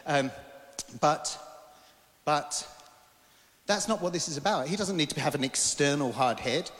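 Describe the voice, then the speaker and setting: A male preacher giving an animated sermon to a congregation and getting them to repeat words back. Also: a little high, a little slow, big-room sound. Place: church hall.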